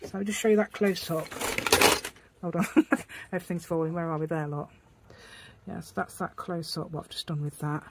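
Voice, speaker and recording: A woman's voice: on the low side, fairly even intonation, normal speed, husky. A woman chatting casually as she demonstrates a craft, rambling as she works and making asides to her dog. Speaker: craft vlogger.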